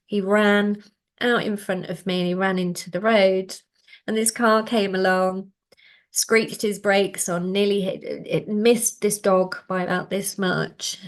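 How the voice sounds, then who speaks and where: Gravelly middle-aged woman, storytelling. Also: mid-range voice. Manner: animated storyteller, acts out quoted voices. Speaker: guest, canine healer. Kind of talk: storytelling interview answer.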